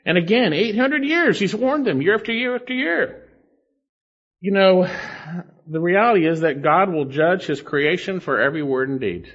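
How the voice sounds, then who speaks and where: A man's voice: high voice, expressive, moderate pace, fairly bright tone, dull audio. A man preaching an expository Bible sermon as a pastor, emphatic and repeating key phrases for stress.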